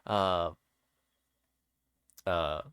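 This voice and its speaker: Bright, crisp-voiced man rambling. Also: low voice, steady tone, extremely slow, no echo, studio quality. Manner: rambling, meandering explanations. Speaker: interview show host. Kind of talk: casual chat on a livestream.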